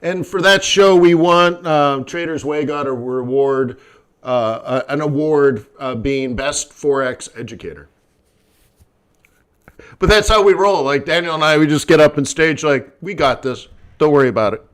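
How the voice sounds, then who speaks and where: A man with a slightly high voice hosts a live trading stream and talks straight to his viewers. He tells his stories in a loose, animated way and acts out the people he quotes, sometimes jumping up to a near shout. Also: a little slow, clear, resonant tone. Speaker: forex trading host. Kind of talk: live stream chat and storytelling.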